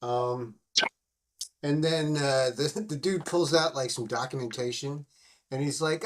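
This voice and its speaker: A man with a fairly high voice hosts a podcast and walks through a film scene by scene. His talk is loose and rambling, with lots of fillers and plenty of cursing. He keeps a casual, offhand chat style throughout. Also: moderate pace. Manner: rambling and profane, full of fillers. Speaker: podcast host.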